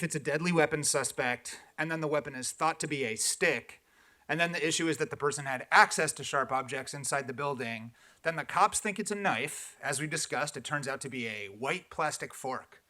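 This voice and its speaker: A man's voice: medium pitch, pushed and bright. A man giving a sarcastic, pointed public comment at a police commission meeting.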